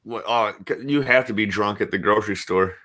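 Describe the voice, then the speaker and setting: Animated man retelling scenes, swearing. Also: on the low side, fairly quick, a little hiss or hum. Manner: animated storyteller, swears freely. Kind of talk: casual podcast chat.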